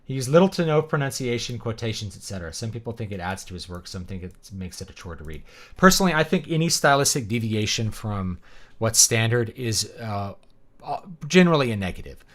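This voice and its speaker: While gaming, a teacher and author keeps up a casual, opinionated ramble packed with ums and fillers. His voice is on the low side and sing-song, and he talks fairly quickly.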